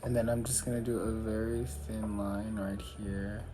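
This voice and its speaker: A man's voice: lowish voice, flat delivery, moderate pace. A man chatting candidly through a makeup tutorial, rambling and swearing freely. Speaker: makeup vlogger. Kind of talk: casual chat during a makeup tutorial. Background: music.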